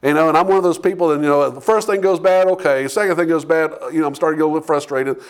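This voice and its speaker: A man's voice: a little high, very fast, smooth. A male pastor preaching a sermon in a conversational style, peppering his points with "okay?" and "Amen?" and building in intensity as he exhorts.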